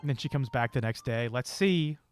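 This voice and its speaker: A young man streaming a game playthrough, reading the characters' dialogue aloud and breaking off now and then with crude, excited outbursts. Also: medium pitch, fairly quick, soft background music. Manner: reads the lines of several characters aloud, with sudden swearing outbursts.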